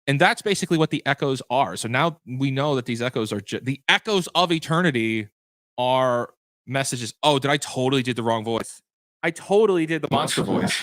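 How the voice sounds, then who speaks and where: Male game master hosting a livestream recap; bright, forward voice, loose and chatty with frequent restarts. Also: medium pitch, animated, normal speed, dry recording. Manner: chatty, self-correcting, answers viewer questions. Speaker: game master and show host. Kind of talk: livestream post-show chat.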